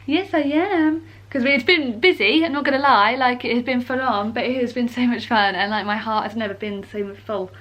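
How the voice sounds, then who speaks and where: A British woman telling her birth story in a casual vlog. She rambles warmly with lots of ums and likes, a little emotional and teary. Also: a little high, moderate pace, hardly any pauses.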